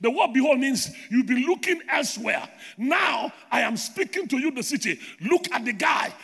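A man preaching a sermon with loud shouted declarations and rhythmic repetition, recorded in a large reverberant hall. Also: very high-pitched, very animated, moderate pace, vocal fry, slightly rough.

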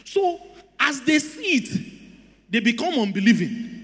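A very high-voiced man preaches a sermon in a church. His pitch leaps all over, and his tone is bright and sharp. A long hall reverb trails every phrase. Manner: emphatic preaching, swings between shouts and low asides, laughs often. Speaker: pastor.

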